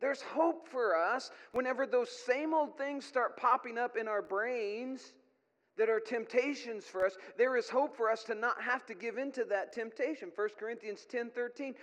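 A man's voice: very high-pitched, moderate pace, a bit bright, big-room sound. A middle-aged man preaching a sermon as a pastor, earnest with folksy asides.

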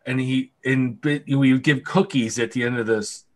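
Guy on a hangout podcast rambling thru stories, cussing a lot, laughs along, mid pitch. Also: moderate pace. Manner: animated anecdotes, frequent swearing and laughter. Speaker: podcast co-host. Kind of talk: casual storytelling chat.

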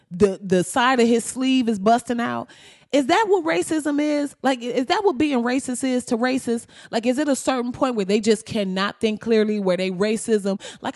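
Profane, animated woman podcast host. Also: fairly high pitch. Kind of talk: casual commentary.

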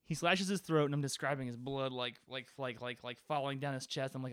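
A man's voice: mid-range voice, fairly even intonation, fairly quick, hardly any pauses, fairly bright tone, clear, resonant tone, no room sound, clean studio sound. A man who is a game master, recounting a tabletop session in casual podcast chat, rambling with lots of "like" fillers and swearing. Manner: rambling, profane, full of "like" fillers.

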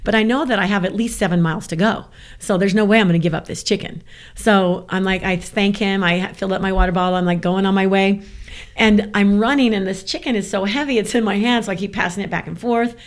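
A woman from the American South tells a long story as a guest in a relaxed chat. She is animated and laughs often as she talks. Her voice sits at a middling pitch. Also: fast talker. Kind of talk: casual storytelling.

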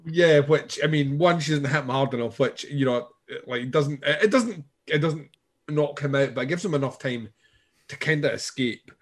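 Scottish man, rambling comic podcast chat, slightly high voice, laughs a lot. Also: normal speed. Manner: rambling, animated, laughs often. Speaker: podcast co-host. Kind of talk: casual comedic chat.

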